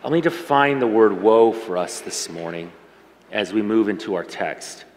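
A middle-aged man preaching a sermon as pastor, talking to the congregation in a warm, conversational and emotional way. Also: on the low side, animated, normal speed, a little hiss or hum. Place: church sanctuary. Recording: reverberant church hall.

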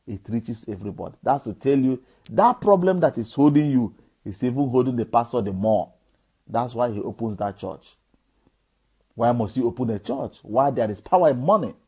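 Nigerian igbo guy preaching at his people, voice jumps all over, kinda dark tone. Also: mid-range voice, slightly rough, poor audio. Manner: preachy, exhorting, rhetorical questions. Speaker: activist addressing followers. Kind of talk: impassioned direct-to-camera appeal.

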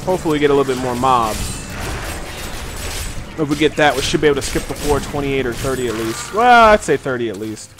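A man's voice: medium pitch, animated, fairly quick. A tired, yawning man giving casual gameplay commentary, explaining the mechanics to viewers as he plays. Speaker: game streamer. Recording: game music playing loudly behind. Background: game music.

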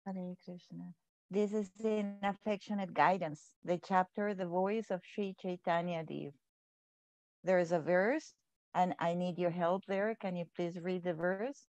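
A woman's voice: lowish voice, fairly even intonation, measured pace, darkish tone, dry recording. Woman reading devotional text, dry sound. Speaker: reader in a class.

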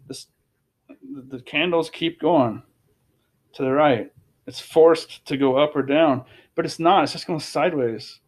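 A man giving casual, emphatic commentary over charts, repeating phrases and restarting sentences. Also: on the high side. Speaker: crypto commentator.

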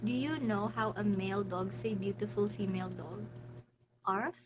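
A young woman with a Filipino accent hosting a casual live stream, playful and excitable, quick to squeal and laugh. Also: medium pitch. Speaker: livestream host. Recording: slightly muffled lo-fi stream audio.

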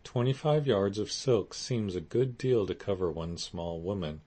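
A man reading an audiobook voices a kind young husband, speaking in a measured, dry way. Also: lowish voice, warm tone.

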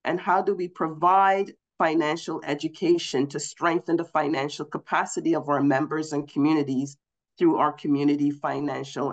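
A woman speaking on a conference panel, congested from a cold and a bit out of breath, measured with frequent ums. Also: low-pitched.

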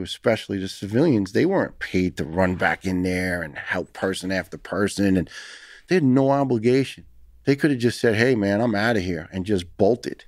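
A man's voice: lowish voice, no room sound, studio quality. A man in his fifties with a New York accent, talking earnestly and emphatically as a guest on a podcast interview. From United States. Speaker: retired firefighter guest.

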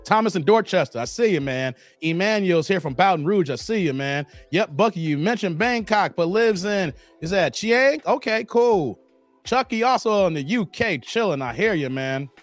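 A man's voice: sits high, animated, moderate pace, soft background music. A man from the Chicago area hosting a casual livestream, reading viewer comments and teasing them with lots of laughter. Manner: laughing, teasing banter with chat. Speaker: livestream host.

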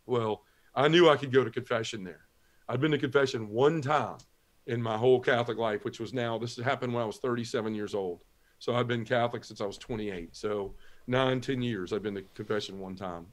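Man telling a vivid personal testimony. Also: medium pitch. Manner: vivid storyteller acting out dialogue. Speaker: guest.

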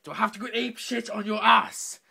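A high-pitched man with a gravelly, fry-laden edge to his voice. He rattles off foul-mouthed trash talk while playing, muttering to himself and shouting taunts at other players. His tone is bright and sharp. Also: level tone, fairly quick. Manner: brash, swearing trash talk. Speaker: gamer. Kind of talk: gameplay commentary.

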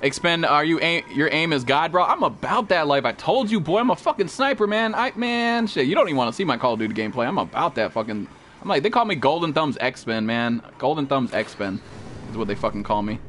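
A young man streaming a survival game live, excitable and profane, yelping and shouting at enemies as he plays. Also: a little high, fairly quick, slight background noise. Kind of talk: live gaming commentary. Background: game music.

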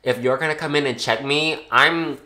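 A young man telling a storytime vlog in a casual, animated, blunt and profane way. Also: a little high, moderate pace. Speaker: vlogger.

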